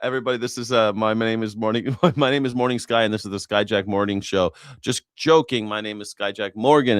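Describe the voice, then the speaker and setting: A man's voice: lowish voice, no room sound, studio quality. Sarcastic, profane man hosting a livestream. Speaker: host. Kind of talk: livestream news reaction.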